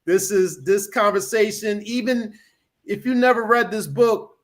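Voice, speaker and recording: A man's voice: high voice, measured pace. Rambling man hosting a podcast. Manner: rambling, many restarts and "you know". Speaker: podcast host. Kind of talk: casual podcast chat.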